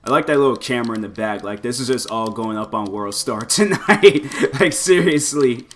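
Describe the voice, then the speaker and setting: A man giving loose, excitable commentary over his fighting-game play, full of exclamations and filler words. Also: medium pitch, moderate pace, slight background noise. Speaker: gameplay commentator. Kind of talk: casual gameplay commentary.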